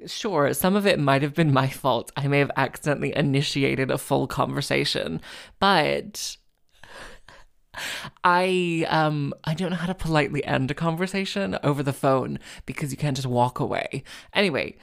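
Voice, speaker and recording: A woman's voice: sits low, normal speed, gravelly. A woman, a harpist, telling a story to camera in a rambling, self-interrupting way, with many fillers, restarts and wry acted-out quotes. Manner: wry, acts out other people's lines.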